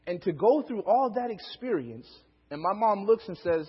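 Young male preacher, animated storyteller; muffled hall sound with long reverb. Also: high-pitched, normal speed, few pauses, husky. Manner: animated storytelling, acts out quotes, laughs often. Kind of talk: storytelling sermon.

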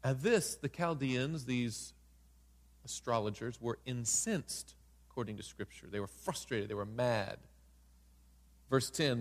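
A man preaching a sermon with animated storytelling and playful asides. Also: medium pitch, unhurried, pauses often. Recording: long hall reverb.

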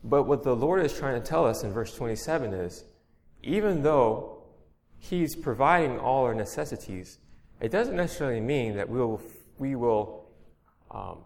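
Relaxed preaching man in echoey hall. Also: medium pitch, moderate pace. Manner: plain-spoken, relaxed, explaining step by step. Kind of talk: conversational sermon. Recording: long echo of a large hall.

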